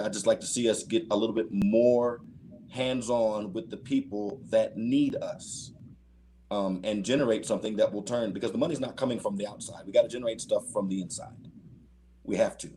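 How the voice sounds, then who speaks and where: A man speaking as a panelist, searching for words with many pauses and restarts, then making his point firmly. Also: fairly low pitch, steady tone, warm tone, a little hiss or hum. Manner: hesitant, many fillers and restarts, then firm. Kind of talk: panel discussion remarks.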